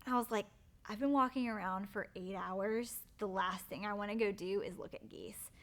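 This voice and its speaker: A young woman chattily recounting her proposal in a gushing, animated way. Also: medium pitch, normal speed. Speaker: bride-to-be telling the proposal story. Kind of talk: casual storytelling.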